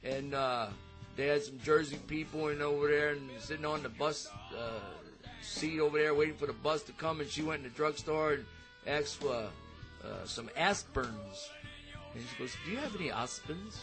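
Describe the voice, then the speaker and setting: A man's voice: a little high, normal speed, over music. A man hosting a casual show, chatting and joking with a guest on the phone, rambling with many restarts. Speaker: show host. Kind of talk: casual chat.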